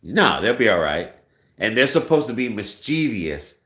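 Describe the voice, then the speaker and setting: A man chatting casually on his vlog, telling an animated story full of swearing and bursts of shouting. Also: fairly low pitch, moderate pace, echoey room. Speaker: vlogger.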